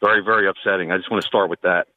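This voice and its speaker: A man's voice: deep voice, fairly even intonation, very fast, no echo. A man calling in to a talk radio show, speaking earnestly with some filler words. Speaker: caller. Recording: tinny phone line.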